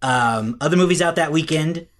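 A man co-hosting a podcast, steering the talk and reading out facts in a steady, casual way. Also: fairly high pitch, normal speed, slight background noise. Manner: steady, reads facts and figures. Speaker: podcast co-host. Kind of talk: casual movie discussion.

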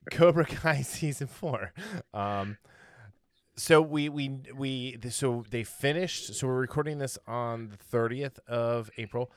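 A man's voice: mid-range voice, clear, resonant tone, no echo. A man hosting a casual podcast. He rambles, corrects himself and laughs often, and he sounds tired after a long day. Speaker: podcast host.

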